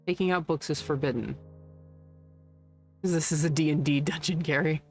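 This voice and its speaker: A woman game streamer talks through her play in a fairly low voice, wry and a little sweary, reading the game's text aloud as she goes. Faint game music sits quietly behind her. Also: steady tone, moderate pace. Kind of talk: casual gameplay commentary.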